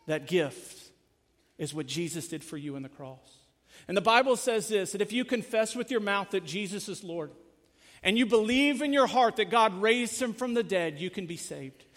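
A man preaching a sermon as pastor, earnest, rising in force and then dropping to a hushed close. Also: sits high. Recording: long hall reverb.

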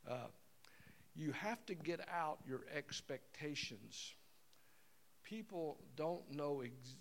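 Gravelly, folksy man in his sixties. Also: a little high, fairly bright tone. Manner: rambling, acts out scenarios with voices. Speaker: seminar speaker. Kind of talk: folksy teaching talk.

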